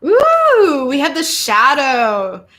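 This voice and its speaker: A woman's voice: fairly high pitch, moderate pace, fairly bright tone, slight background noise. A woman hosting a live tarot and astrology show, reading cards for each sign in a bubbly, chatty way with frequent exclamations and asides to viewers.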